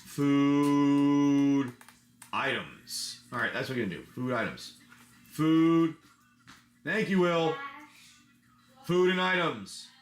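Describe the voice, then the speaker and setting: A man's voice: fairly high pitch, animated, slow pace, pauses often, a bit bright, soft background music. A man running a casual tabletop-style adventure as game master, rambling with many restarts.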